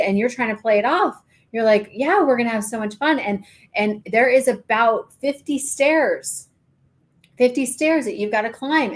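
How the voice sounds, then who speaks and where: Middle-aged woman guiding an imagery exercise. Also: medium pitch. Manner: storytelling, acts out voices in the story. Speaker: podcast co-host. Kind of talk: guided imagery exercise in casual chat.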